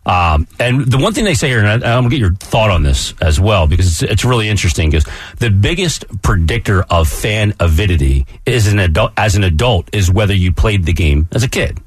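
A man's voice: on the low side, very animated, a little fast, husky, dry recording. A man co-hosting a sports radio show, chatting casually and reading ads in an easygoing way. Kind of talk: casual radio chat and live read.

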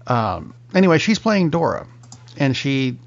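Gravelly middle-aged man hosting a podcast. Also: mid-range voice, very animated. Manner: slow, wry, leads the topics. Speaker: podcast host. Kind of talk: casual chat. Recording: slightly dull lo-fi sound.

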